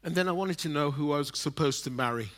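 A man's voice: on the high side, quick pace. Man preaching a sermon. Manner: swings between loud emphasis and near-whispers, laughing at his own stories.

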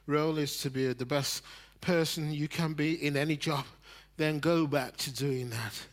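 A man in his sixties preaching a sermon, swinging between loud emphasis and quiet, near-whispered lines. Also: a little high, fairly even intonation, normal speed, few pauses.

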